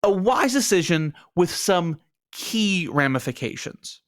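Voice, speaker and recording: A man's voice: high-pitched, big pitch swings, measured pace. A man co-hosting a podcast, talking loosely and swearing now and then. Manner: loose and profane, laughs along. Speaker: podcast co-host. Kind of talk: casual chat.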